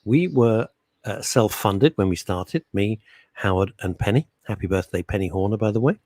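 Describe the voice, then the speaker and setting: A man's voice: fairly low pitch, moderate pace, dry recording. A middle-aged man co-hosting a radio talk show, teasing and opinionated, speaking into a studio microphone. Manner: brash, teasing, animated and opinionated.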